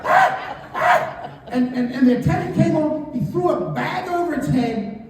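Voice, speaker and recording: Male stand-up comic, high voice, animated storyteller; distant mic, heavy stadium echo. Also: moderate pace, a loud crowd, very noisy. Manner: animated storytelling, screams and acts out characters. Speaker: stand-up comedian. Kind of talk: stand-up comedy set. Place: outdoor stadium comedy night. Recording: echoey stadium from a far mic.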